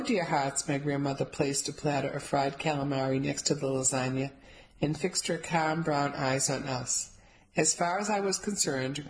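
A woman with a low voice narrating a novel in the first person. Her reading is steady and measured, and she shifts into other characters' lines as she goes. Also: low-quality recording. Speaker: audiobook narrator.

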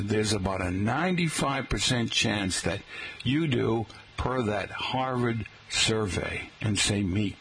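A middle-aged man from Massachusetts with a Boston accent hosts a live local radio talk segment from a studio inside a restaurant. His medium-pitched voice is creaky and fairly bright, with slight background noise. He chats in a folksy way and calls his listeners folks.

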